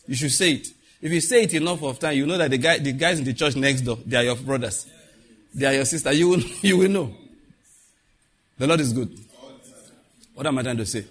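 A man preaching a sermon in a church, lively and conversational, asking the congregation questions. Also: fairly high pitch, fairly quick, breathy edge. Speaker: pastor.

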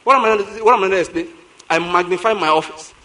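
A man's voice: high voice, fast, pushed and bright. A man with a Nigerian accent preaching a sermon as pastor, telling stories animatedly, repeating lines for emphasis and laughing often.

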